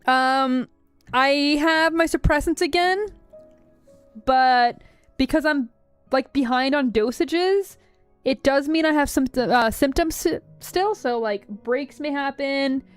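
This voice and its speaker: A woman's voice: high voice, slow pace, no room sound, faint music behind. A woman streaming a game, chatting casually with many "like" fillers. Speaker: streamer playing and reading a game aloud. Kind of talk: casual livestream chat.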